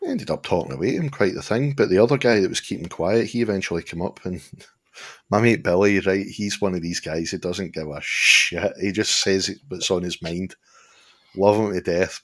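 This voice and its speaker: A middle-aged man co-hosting a casual live-stream chat, telling lively anecdotes and swearing freely. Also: low voice. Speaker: podcast co-host.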